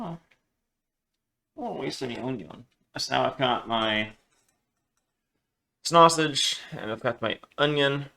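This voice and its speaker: A man's voice: medium pitch, a little slow, creaky, long pauses, a bit bright, slight background noise. A man chatting casually in a home kitchen while he cooks, rambling and joking about himself. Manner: rambling, self-deprecating, joking. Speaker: cooking vlogger. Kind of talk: casual cooking vlog.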